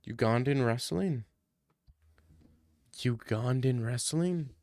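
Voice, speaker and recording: A man's voice: mid-range voice, slow pace, darkish tone, dry recording, studio quality. A man on a stream casually answering viewer questions, joking and ranting in mock outrage.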